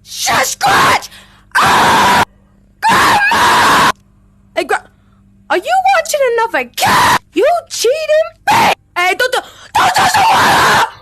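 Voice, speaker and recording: Brash female VR streamer, shrill and shouty, unhurried delivery, curses and meows, noise under the voice. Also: huge pitch swings. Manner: brash, profane, yelling often, meowing. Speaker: VR gamer. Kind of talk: let's-play commentary. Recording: audible background noise.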